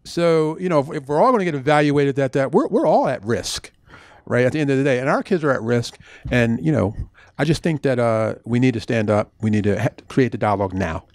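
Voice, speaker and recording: A man who is an author and former police officer answers audience questions at a book talk, telling animated stories with frequent restarts. His voice is medium-pitched and fairly quick, recorded cleanly with studio sound and no room noise.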